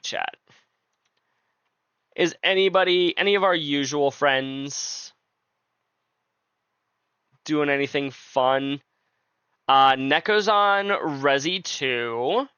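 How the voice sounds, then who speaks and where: Laid back guy streaming a game, talks slow and jokey to chat, kinda higher voice. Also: animated, pushed and bright, smooth, dry recording, lo-fi sound. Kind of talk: casual live-stream chat.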